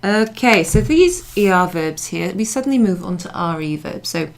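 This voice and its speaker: Woman, teacher, patient step-by-step explaining, low-ish voice, beginners' class. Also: big pitch swings, moderate pace, creaky. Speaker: French teacher. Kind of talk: classroom French lesson. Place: pub function room, classroom class.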